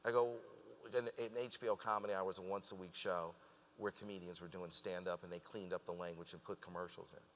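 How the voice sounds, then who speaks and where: Low and a little fast, this man's voice trails off into a long reverb. As an interview guest, he narrates a story with animation, performing the dialogue of everyone he quotes.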